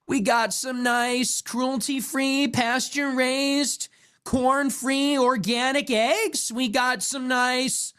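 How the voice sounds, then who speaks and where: A man voicing a smug male health-food video maker who lists his groceries in a slow, sing-song uptalk. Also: very high voice, steady tone, bright, forceful tone, clean tone, pitched above the performer's own voice, heavily acted.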